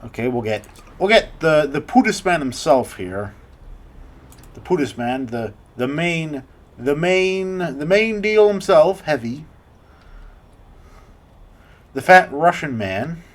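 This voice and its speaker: A man's voice: fairly high pitch, expressive, takes it slowly, long pauses. A man casually narrating a tutorial over his screen recording, rambling and hesitant with many restarts. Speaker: video creator explaining his process.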